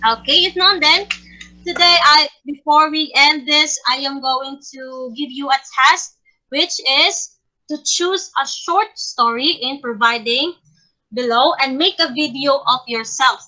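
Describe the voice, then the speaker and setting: A young adult woman with a Filipino English accent teaching a class, speaking deliberately and checking in with the students often. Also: high voice, bright, forceful tone, rough recording. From Philippines. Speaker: teacher in a class role-play.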